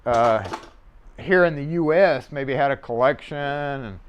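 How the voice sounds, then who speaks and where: Working on a lock in his shop, a man hosts a casual locksmith livestream, rambling offhandedly and cursing or chuckling now and then. His medium-pitched voice moves at a measured pace, captured on a mobile mic with lo-fi sound and a little hiss or hum.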